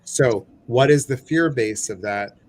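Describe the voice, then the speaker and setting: A man's voice: medium pitch, measured pace. A man hosting a casual live chat, playful and chatty, acting out little scenes as he talks. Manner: playful, sings snatches and acts out his own fear. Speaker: host.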